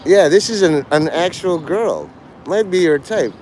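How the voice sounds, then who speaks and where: A man's voice: a little high, animated, measured pace, a little mellow, slight background noise. A man livestreaming to a chat, rambling crudely from joke to joke and breaking into laughter. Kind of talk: rambling live-stream chat.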